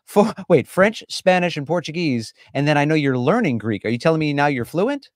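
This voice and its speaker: A man's voice: on the high side, lively intonation, fairly quick, no room sound, studio quality. Enthusiastic male live-stream host. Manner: enthusiastic, effusive. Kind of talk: casual live-stream chat.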